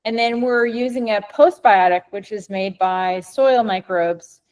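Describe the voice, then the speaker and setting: A woman's voice: medium pitch, measured pace, darkish tone. Upbeat Midwestern woman presenting on a webinar. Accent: Midwestern American. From Minnesota, US. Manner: rambling, frequent ums and restarts, upbeat. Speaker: company co-founder presenting to vets. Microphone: video call.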